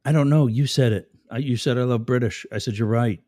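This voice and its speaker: A man's voice: mid-range voice, brisk, dark tone, dry recording, clean studio sound. A man hosting a live stream, reading chat comments aloud and mocking the commenters sarcastically. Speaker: livestream host.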